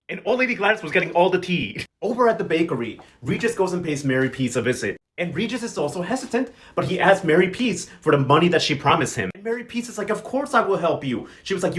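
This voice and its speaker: A man giving a casual telenovela recap, sassy and slangy, telling the story with dramatic flair. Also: fairly high pitch. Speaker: recap vlogger.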